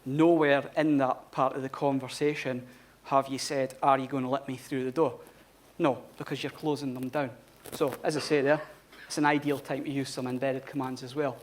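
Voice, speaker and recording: A man's voice: medium pitch, flat delivery, moderate pace, slight background noise. A man giving a live conference talk in a blunt, informal manner, swearing freely. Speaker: conference speaker. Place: conference hall.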